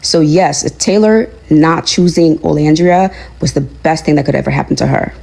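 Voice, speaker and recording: A woman's voice: sits low, normal speed, creaky, mellow, slightly rough, low-quality recording. A woman speaks in a played clip, delivering a motivational talk that sounds like a sermon. She is earnest and preachy, and she repeats her phrases for emphasis. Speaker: online commentator.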